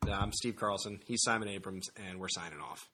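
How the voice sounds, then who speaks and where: A man co-hosting a podcast in casual chat, halting and repeating words as he talks. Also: low-pitched, fairly even intonation, bright, forceful tone, slight background noise. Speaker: podcast co-host.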